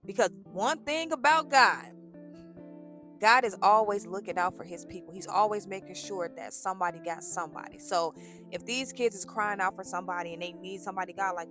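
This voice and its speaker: Animated woman in a casual faith vlog. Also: medium pitch, fairly quick, soft background music. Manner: animated, acts out dialogues with God. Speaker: vlogger. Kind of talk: casual faith talk to camera.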